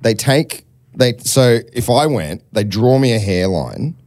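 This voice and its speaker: A man's voice: mid-range voice, lively intonation, measured pace, darkish tone. A young man hosting a comedy podcast, riffing loosely and swearing in casual chat. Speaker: podcast host.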